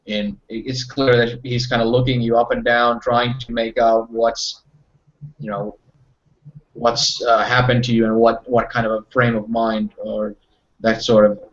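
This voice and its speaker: A man's voice: mid-range voice, flat delivery, measured pace. A man narrating a tabletop game as game master, rambling and full of fillers. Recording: muffled lo-fi audio.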